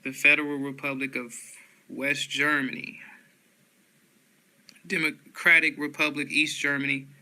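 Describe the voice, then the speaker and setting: A man slowly reading dictionary headwords aloud in a flat monotone, often restarting words. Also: on the high side, low-quality recording.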